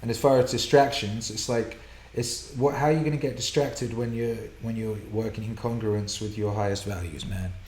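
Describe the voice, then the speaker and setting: A man hosting a live viewer Q&A broadcast from a home studio, excitable and profane, laughing and rambling as he reads out questions. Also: lowish voice, normal speed, hardly any pauses, echoey room, a little hiss or hum. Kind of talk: casual live-stream chat, reading viewer questions.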